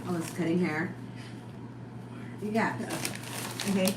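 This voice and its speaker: Woman co-host, relaxed chat, echoey room with audible background noise. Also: on the low side, slow pace. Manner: relaxed, conversational, prompts with questions. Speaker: podcast co-host. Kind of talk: casual storytelling chat.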